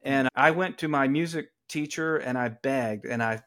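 A man's voice: mid-range voice, moderate pace. A middle-aged man from Atlanta with a Southern accent, telling stories in a conversational podcast interview and acting out the people he quotes. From Atlanta, Georgia, US. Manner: animated storyteller who acts out quoted people. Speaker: attorney, podcast guest. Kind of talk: conversational storytelling.

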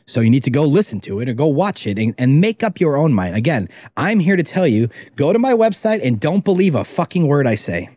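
A man's voice: fairly high pitch, sing-song, fairly quick, few pauses, dark tone, no echo. Filmmaker guy on a podcast, rambly and emphatic, cusses a lot, dead dry sound. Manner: emphatic, rambling, swears freely. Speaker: documentary filmmaker guest. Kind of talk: casual podcast interview.

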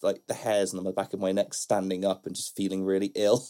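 A man co-hosting a podcast, telling stories in a relaxed, conversational way. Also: low voice, fairly quick. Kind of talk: casual chat.

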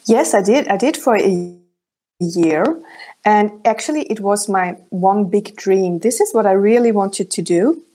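A woman with a German accent, a native German speaker, talking as a therapist guest in a measured, thoughtful way. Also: medium pitch, dark tone. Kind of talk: interview conversation.

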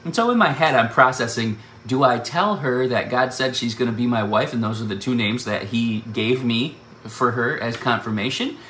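A man telling an animated personal story and laughing often as he goes. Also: medium pitch, normal speed. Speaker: speaker sharing a personal testimony. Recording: echoey room with faint background noise.

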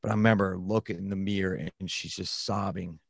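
A man with a low, grounded voice tells a candid personal story in a sit-down conversation. He sounds reflective and unpolished and often starts his sentences over. The recording is close and dry, with no room sound. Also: fairly even intonation, fairly quick, creaky, no room sound. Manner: frank and reflective, with frequent restarts.

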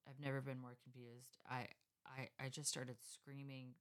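A woman's voice: a bass voice, level tone, moderate pace. A woman in her thirties, co-host of a podcast, telling a personal story in frank, casually profane conversation. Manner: frank and profane, drifts from joking to subdued.

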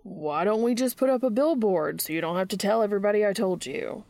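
A blunt, sarcastic young man, voiced by a woman reader. His lines land flat and wry, a little low and gravelly. The sound is close, with no room around it. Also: brisk, no echo, lightly acted. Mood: quiet. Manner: sarcastic, dry delivery.

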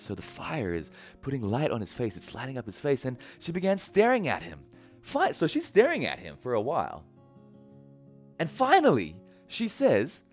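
A man preaching a sermon in a casual, animated storytelling manner. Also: mid-range voice, moderate pace, faint music behind. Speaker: pastor.

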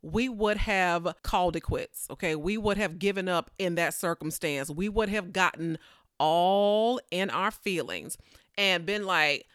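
A woman preaching a sermon in a conversational, animated way, acting out the people in the story with playful voices. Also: on the low side, a little slow, smooth, no echo, clean studio sound.

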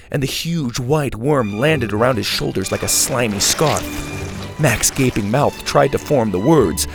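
Gravelly male storybook narrator. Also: medium pitch. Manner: even expressive read-aloud.

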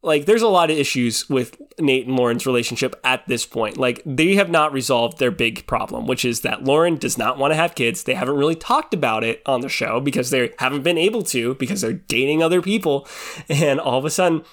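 Young man, mid-pitched, casual rambling chat full of fillers, frequent laughs. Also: brisk, a bit bright. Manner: chatty, rambling, heavy on filler words like "like" and "you know"; laughs often while talking. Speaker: reality TV recap vlogger.

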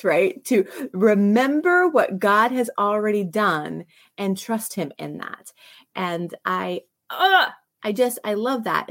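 A middle-aged woman hosting a casual devotional livestream, chatty and enthusiastic, greeting viewers by name. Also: mid-range voice. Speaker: ministry host of a live devotional.

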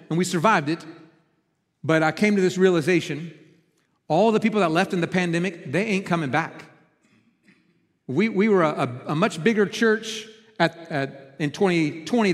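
High-voiced pastor preaching in a hall. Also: male voice. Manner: personal storytelling, swings from loud and urgent to hushed. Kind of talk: sermon. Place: church hall.

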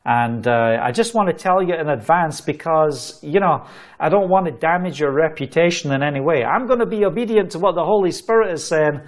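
A Scottish man from Scotland, a travelling preacher, telling a testimony with animated storytelling, laughing between phrases. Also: a little high, a little fast.

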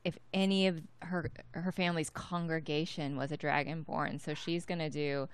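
A woman playing a tabletop game, chatting through her character's actions and trailing off softly. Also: sits low, steady tone, moderate pace, clear, resonant tone. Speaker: player.

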